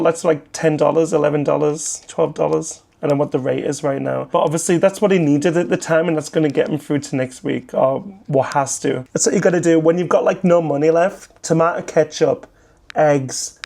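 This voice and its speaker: A man's voice: fairly high pitch, a little fast, vocal fry, a little mellow. A young man from England with a British accent, chatting casually and jokingly as he reacts to a documentary and explains slang for viewers abroad. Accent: British English. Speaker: YouTube commentator.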